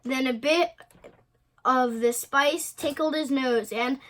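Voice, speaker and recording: Slow, high-voiced woman reading a picture book. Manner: expressive, unhurried reading. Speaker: storybook reader. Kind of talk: children's picture book read-aloud.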